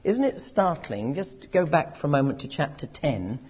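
A man preaching a sermon, animated, moving from loud urgent emphasis to quiet asides, on a dull lo-fi recording. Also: fairly high pitch, moderate pace, breathy edge.

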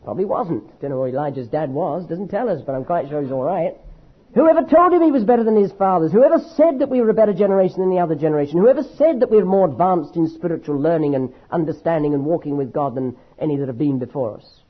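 A man preaching a sermon with an emphatic, dramatic delivery, slowing down to stress key words. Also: a little high, animated. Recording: dull lo-fi recording.

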